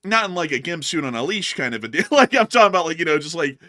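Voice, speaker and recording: A young man in loose livestream banter, his voice bright and a little tense. He rambles, restarts and breaks into laughter, tossing in playful put-on voices along the way. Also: on the high side, sing-song, quick pace. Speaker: co-host.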